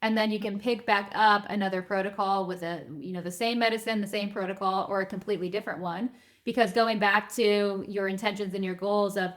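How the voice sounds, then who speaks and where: A woman guest on a podcast, an advisor, explaining her views in an earnest, measured way. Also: mid-range voice, fairly even intonation. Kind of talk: interview answers.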